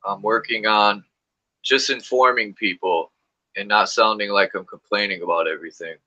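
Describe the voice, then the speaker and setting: On a casual livestream, the male host tells stories and swears, impersonating others' quotes with abrupt leaps in pitch. His voice is on the low side, pushed and bright, with fairly even intonation overall and a normal speed. The audio is muffled.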